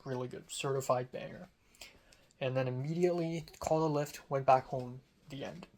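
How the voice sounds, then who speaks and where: A man's voice: mid-range voice, fairly even intonation, moderate pace, a little mellow. A young man telling about his day in a casual diary vlog, rambling with many fillers and restarts. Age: young adult. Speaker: vlogger.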